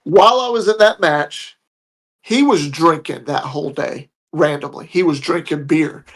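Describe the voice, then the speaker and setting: A man's voice: on the high side, unhurried, a bit bright. A man telling a story in a casual, blunt, heated way, swearing freely. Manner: blunt, profane, heated retelling. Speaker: podcast guest telling a story.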